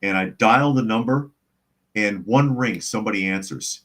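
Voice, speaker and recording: Low-voiced man rambling through an old story. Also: normal speed, a bit bright. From United States. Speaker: podcast host. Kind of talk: casual live-stream chat, reading viewer comments.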